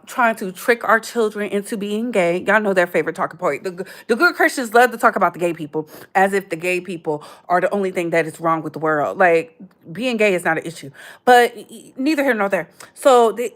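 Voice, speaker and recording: A woman in her thirties hosting a casual livestream, chatty and animated, full of slang and calling viewers "baby". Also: mid-range voice. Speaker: livestream host.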